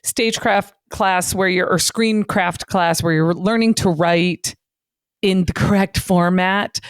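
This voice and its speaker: A woman co-hosting a podcast in casual chat, animated and rambling. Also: fairly low pitch, smooth, no room sound, studio quality. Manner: animated, rambling, quick to laugh. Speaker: podcast co-host.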